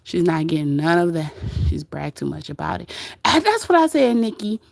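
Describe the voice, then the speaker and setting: A woman's voice: on the low side, very animated, moderate pace, gravelly, a little mellow, dry recording, clean studio sound. A woman hosting a casual livestream, chatting gossip, reading viewer comments aloud and laughing often. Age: adult with grown kids. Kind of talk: casual live-stream gossip chat.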